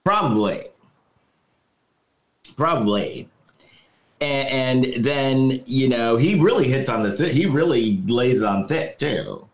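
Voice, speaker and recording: A man's voice: medium pitch, expressive, slow pace, pauses often, reverberant, dull audio. A man co-hosting a podcast, recapping a movie's plot scene by scene in casual chat and laughing as he goes. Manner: laughing, storytelling recap with quoted lines. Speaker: podcast co-host.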